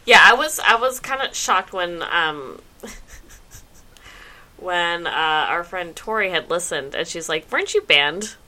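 A woman's voice: lowish voice, slow pace, sharp tone. A woman co-hosting a podcast in casual chat, playful and rambling, laughing along. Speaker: podcast co-host.

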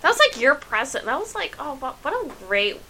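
A woman's voice: sits high, sing-song, brisk, sharp tone. A woman in casual chat, enthusiastic and reactive, laughing often. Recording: faint hiss.

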